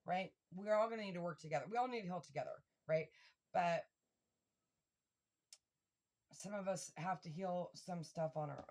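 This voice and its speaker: Woman, tarot reader, casual and excitable, curses a lot, talks right at the viewers. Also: lowish voice. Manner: excitable, swears freely, addresses viewers directly. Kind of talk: casual tarot reading to camera.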